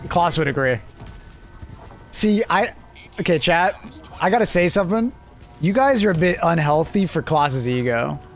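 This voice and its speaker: A man's voice: a little high, lively intonation, normal speed, long pauses, soft background music. A male livestreamer chatting casually with his viewers, laughing and swearing often as he banters. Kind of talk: casual chat with stream viewers.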